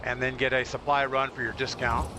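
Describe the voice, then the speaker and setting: A man's voice: mid-range voice, level tone, a little fast, background noise. A man chatting casually with his viewers while he plays and comments on a live game stream. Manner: chatty, talks straight to viewers between plays.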